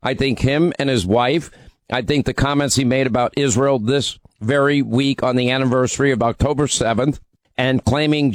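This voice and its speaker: A radio talk show host runs a call-in program, needling and arguing with a caller in a combative way. His voice sits in the mid-range, and there's no echo.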